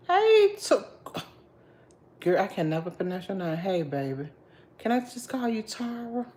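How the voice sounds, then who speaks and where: Tired woman greeting her stream, lively pitch. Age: has a grown daughter. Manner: sings out greetings, drawn-out and playful. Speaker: livestream host. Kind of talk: casual livestream chat greeting viewers.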